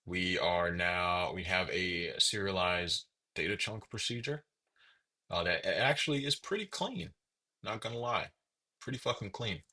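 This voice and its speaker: Low-voiced man muttering while coding. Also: sharp tone, slightly rough. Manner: muttering to himself, swears freely. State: has the hiccups. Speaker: programmer streaming his coding. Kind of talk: casual coding commentary.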